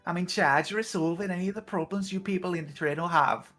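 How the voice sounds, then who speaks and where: A woman's voice: fairly low pitch, fast talker, fairly bright tone, close to an everyday voice. A woman voicing a cheerful, helpful young male townsman in a Scouse accent, reading game dialogue. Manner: chatty and polite, bursts of hearty exclamation. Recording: background music under the voice.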